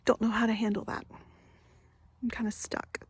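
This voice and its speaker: A woman's voice: on the high side, level tone, normal speed, husky, no echo. A woman in her fifties telling a personal story in a candid, rambling way, often restarting her sentences. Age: 50s. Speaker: vlogger. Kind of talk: confessional storytelling.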